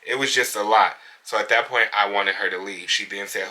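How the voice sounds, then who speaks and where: With a lowish voice that sounds pushed and bright, this man talks at normal speed with few pauses. He's a hairstylist and salon owner, candidly and indignantly describing a bad experience with a client in a conversational vlog.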